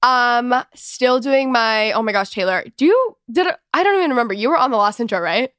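A young woman from Texas hosts a chatty podcast, bubbly and rambling. Her voice sits fairly high. The sound is close and dry. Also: lively intonation, a little fast, a bit bright, no room sound. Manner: bubbly, rambling, lots of "oh my gosh" and "like". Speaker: podcast host. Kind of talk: casual podcast chat.

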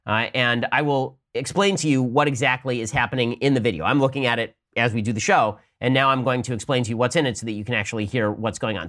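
A young man hosting a commentary show, talking fast and arguing hard. He fires off rhetorical questions one after another while answering listener mail. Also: medium pitch, a bit bright. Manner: rapid, argumentative, rhetorical questions. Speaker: host.

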